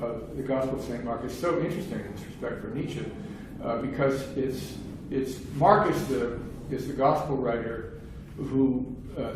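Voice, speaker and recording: A man's voice: mid-range voice, darkish tone. Man lecturing in a very echoey hall. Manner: explains at length with wry, casual asides. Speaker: philosophy lecturer. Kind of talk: conversational academic lecture. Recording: very echoey room, distant mic, faint noise.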